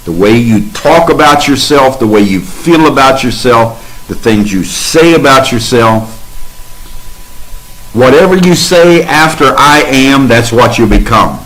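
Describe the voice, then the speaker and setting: A man's voice: mid-range voice, measured pace, fairly bright tone, rough recording. A man giving a spiritual testimony and exhortation, emphatic and repeating affirmations in rhythmic lists. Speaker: speaker in a spiritual sharing session.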